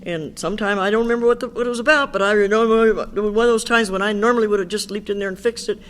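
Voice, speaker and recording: A woman's voice: medium pitch, fairly even intonation, fast talker. An older woman speaking at an Al-Anon meeting, telling her story candidly and chattily, often quoting what others said to her. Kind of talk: personal recovery talk.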